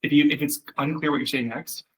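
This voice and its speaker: Guy coaching someone one on one, kinda husky, rambly and chatty with lots of "like". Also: fairly high pitch, steady tone, fast, fairly bright tone, rough recording. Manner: loose and chatty, many fillers, acts out quoted voices. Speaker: copywriting coach. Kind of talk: casual one-on-one copy critique.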